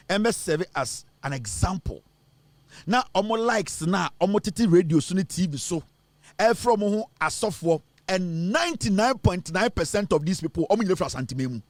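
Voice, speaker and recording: A fairly high-voiced man with a Ghanaian accent delivers heated, scornful commentary, moving between Twi and English. He presses his points emphatically. The sound is dry and close, with little room around it. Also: no echo. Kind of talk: impassioned political commentary.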